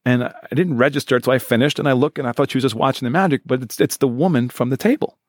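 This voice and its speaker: A man in his forties, a magician telling stories fast and animatedly in a podcast interview. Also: mid-range voice, no room sound, clean studio sound. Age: 40s. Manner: fast-talking, animated storyteller. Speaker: guest, professional magician.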